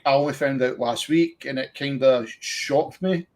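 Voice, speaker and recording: A man's voice: medium pitch, unhurried, darkish tone. A man with a Scottish accent, a podcast guest in casual chat, who talks hesitantly with many ums and restarts.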